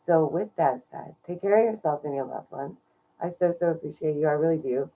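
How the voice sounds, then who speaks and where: A woman's voice: sits low, fairly quick, warm tone, poor audio. A woman streamer chatting casually and gushing thanks to her viewers, laughing often. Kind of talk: casual live stream chat.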